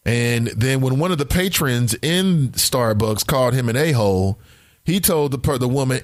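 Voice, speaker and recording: A male podcast host holding forth in an emphatic monologue, his pitch swinging widely as he drives his points home. He repeats key lines for effect. The sound is dry and close, with no room around it. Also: animated, normal speed, dry recording. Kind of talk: opinionated talk podcast monologue.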